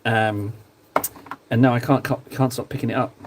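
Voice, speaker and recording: A man casually chatting to his stream viewers while painting models, joking around and sometimes mock-shouting at them. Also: mid-range voice, fairly even intonation, moderate pace, background noise. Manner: playful, jokey, mock-shouts insults at viewers. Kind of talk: casual live-stream chat.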